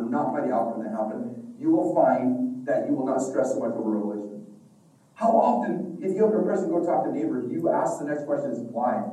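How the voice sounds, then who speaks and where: Middle-aged male religious teacher, animated storyteller, recorded from a distance in a large echoey classroom. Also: fairly high pitch. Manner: animated storytelling, acting out dialogues. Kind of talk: devotional class talk. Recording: echoey room from far off.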